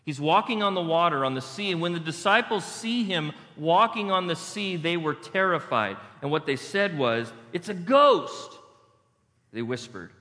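A man preaching a sermon, emphatic and conversational, who keeps repeating key phrases. His voice is bright and a bit higher than most men's. The recording carries the long reverb of a large church hall. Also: expressive, moderate pace, hardly any pauses. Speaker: pastor.

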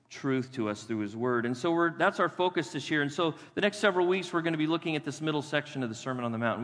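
A male pastor preaching a sermon, emphatic, repeating key phrases and slowing down to read scripture. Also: fairly high pitch, a bit bright. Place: church sanctuary. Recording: long reverb of a church hall.

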